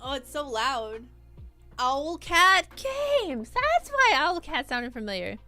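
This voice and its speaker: A woman's voice: high voice, wildly swooping pitch, takes it slowly, pushed and bright, soft background music. A young woman streaming a video game, chatting playfully and joking with her viewers. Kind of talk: casual gaming stream chat.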